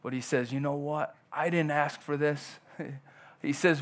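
A man's voice: on the high side, fairly even intonation, a little slow, a bit bright. A male pastor delivering a conversational sermon in church, often acting out quoted dialogue.

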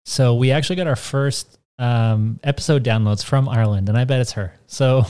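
Male co-host, North American, casual rambler, mid-range pitch. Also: moderate pace, darkish tone. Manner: rambling, filler-heavy storytelling. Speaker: podcast co-host. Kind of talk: casual chat.

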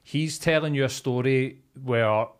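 A man's voice: mid-range voice, measured pace, smooth. A man, co-hosting a casual podcast and joking around. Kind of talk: casual chat.

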